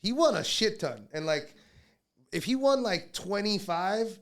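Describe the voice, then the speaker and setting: A man guesting on a podcast who tells stories in a loose, casual way. His voice sits a little higher than most men's. He is heavily profane and animated, and he keeps acting out the people in his stories. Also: unhurried. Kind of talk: casual storytelling chat.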